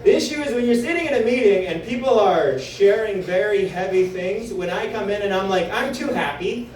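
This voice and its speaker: A young Canadian man does a stand-up set on a club stage, his voice sitting high and fairly quick, with slight background noise. The roomy, distant club recording captures his animated stories, where he acts out the people he quotes.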